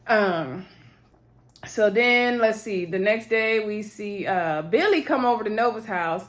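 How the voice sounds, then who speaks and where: A woman's voice: mid-range voice, animated, a little slow. A young woman talking casually to her viewers, chatty and full of fillers as she recaps a TV episode.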